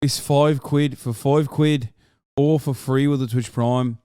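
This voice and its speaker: A man's voice: mid-range voice, steady tone, slow pace, mellow, clear, resonant tone, dry recording, clean studio sound. A man streaming, reacting in sarcastic, casual chat with swearing.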